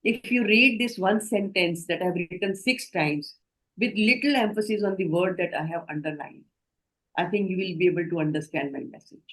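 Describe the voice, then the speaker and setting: A woman with an Indian English accent, leading a healthcare communication training session in a measured, explanatory way and often asking the group questions. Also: fairly low pitch, fairly bright tone, rough recording. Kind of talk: online training lecture.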